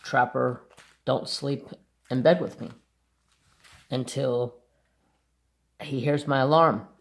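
A man who hosts a crafts channel, casually chatting and rambling about his dogs in an unhurried way. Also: mid-range voice, steady tone, vocal fry. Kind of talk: casual chat.

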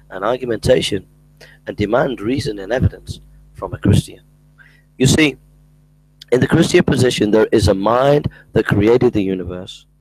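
A Christian apologetics speaker talks in a casual monologue, his mid-range voice emphatic as he repeats phrases and mimics his opponents. The recording is dry and close, and the audio quality is poor.

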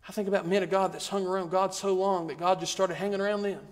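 A man's voice: sits high, fairly even intonation, quick pace. A man preaching a sermon, in a rhythmic, repetitive style that builds emphasis. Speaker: guest preacher. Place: church sanctuary. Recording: long reverb of a church hall.

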